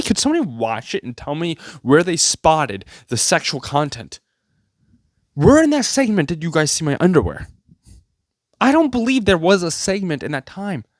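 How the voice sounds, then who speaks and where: A man's voice: no echo, studio quality. Sarcastic rambling male vlogger. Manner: sarcastic, rambling, jumpy pitch. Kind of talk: comedic rant to camera.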